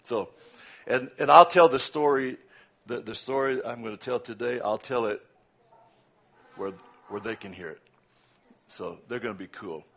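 An older man with a Southern US accent, a guest preacher chatting casually before his sermon, laughing between asides and swelling loud and slow when he praises. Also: medium pitch.

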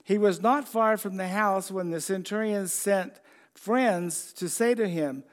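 A high-pitched man preaching to his church congregation. He talks in a loose, conversational way and keeps asking his listeners questions as he goes. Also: unhurried. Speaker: pastor. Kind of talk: sermon.

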